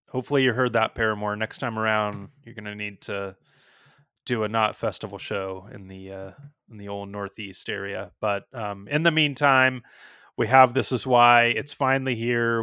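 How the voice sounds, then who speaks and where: A man's voice: fairly low pitch, pushed and bright, smooth, no room sound, clean studio sound. A man hosting a casual music podcast, rambling a little with frequent ums and restarts. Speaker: podcast host.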